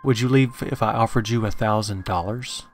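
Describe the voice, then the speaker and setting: A man voicing a grave male occult scholar who warns calmly and solemnly in a read-aloud horror story. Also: fairly low pitch, moderate pace, faint music behind. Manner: calm, solemn warning.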